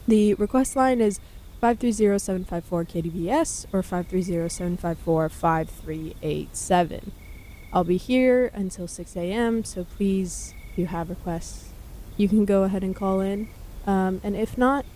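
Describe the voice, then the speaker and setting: A woman's voice: on the low side, dark tone, a little hiss or hum. A young woman hosting a late-night college radio show, chatting casually and correcting herself as she rambles. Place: radio studio.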